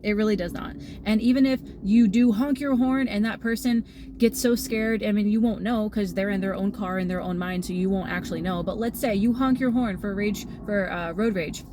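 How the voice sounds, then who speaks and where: A woman's voice: mid-range voice, moderate pace, noisy background. Chatty woman giving a tarot reading. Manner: rambling, conversational, full of fillers and analogies. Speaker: tarot reader. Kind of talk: channeled message to viewers.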